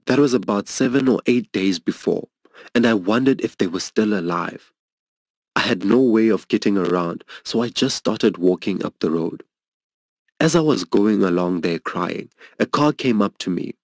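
Man preaching, earnest, emotional storytelling, low voice, dry close sound. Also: moderate pace, dry recording. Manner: earnest, emotional storytelling, voicing others' lines higher. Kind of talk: sermon testimony storytelling.

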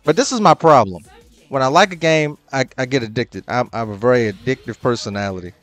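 A young adult man commenting on his own ranked matches, swearing often and breaking into loud, exasperated outbursts. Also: mid-range voice, a little fast, no room sound, faint music behind. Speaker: gaming channel host.

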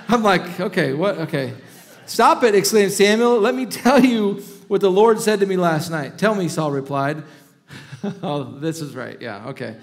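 A middle-aged man preaching from the pulpit, his voice sitting a little high for a man. He acts out the scripture he reads with sweeping rises and falls, then slips back into easy, chatty asides. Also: expressive, a little slow. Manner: reads scripture aloud with dramatic emphasis, then talks casually and chuckles. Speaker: pastor. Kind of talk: sermon.

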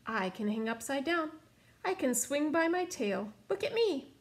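A woman voicing a quick, boastful female possum in a read-aloud storybook. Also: high voice, very animated, voice pushed up. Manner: bright and boastful.

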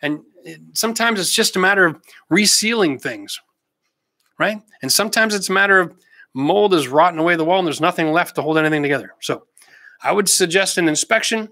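Brief: middle-aged Canadian male host, talks through viewer questions in a bright, slightly high voice, easygoing and jokey. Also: animated, brisk, no room sound. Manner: chatty, practical, jokey asides. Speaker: host answering live chat questions. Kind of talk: casual livestream chat.

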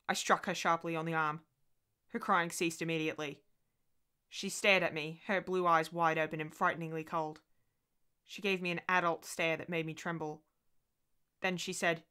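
A woman reading a ghost story aloud in an expressive way and voicing the dialogue herself. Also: fairly low pitch, moderate pace, long pauses, smooth.

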